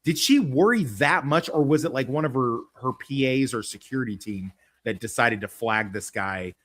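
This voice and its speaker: Lively male host with a bright voice, joking and animated. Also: mid-range voice, moderate pace. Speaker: podcast host. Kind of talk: casual chat.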